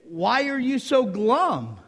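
A man's voice: extremely high pitch, sing-song, slow, pitched above the performer's own voice, full character voice. A man voicing a puzzled friend in a joke he tells from the pulpit, asking questions in a baffled way. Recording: long hall reverb.

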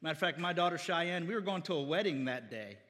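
A high, bright male voice preaches with fervor, calling out for amens and weaving scripture into his exhortation. The middle-aged pastor's words ring through a reverberant church hall. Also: animated, quick pace. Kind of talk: sermon.

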